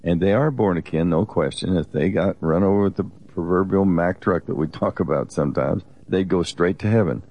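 Deep, mellow-voiced man exhorting earnestly. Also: fairly quick, hardly any pauses. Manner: earnest, exhorting, with repeated restarts. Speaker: co-host of a Christian teaching program. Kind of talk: conversational Bible teaching.

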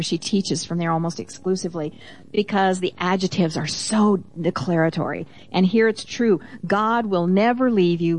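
A woman's voice: on the low side, darkish tone, slight background noise. A woman co-hosting a Christian teaching program, reading Bible verses aloud with emphasis and explaining them in a conversational way. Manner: reads scripture aloud with emphasis, affirming interjections.

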